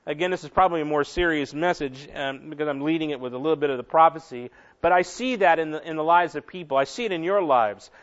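A man's voice: fairly high pitch, fast talker. A man preaching a sermon as pastor, conversational and given to repeating and restarting words. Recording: dull lo-fi recording.

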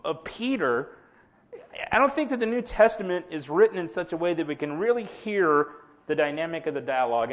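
A man preaching a sermon in an animated, sarcastic, self-mocking way. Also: fairly high pitch. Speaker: pastor. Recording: dull lo-fi sound.

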